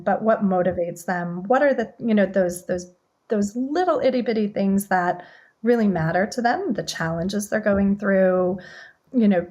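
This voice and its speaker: Woman, podcast guest, mid-pitched voice, fluent and upbeat. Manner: fluent, upbeat, uses "you know" and "right". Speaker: guest, communications head. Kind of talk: casual interview chat.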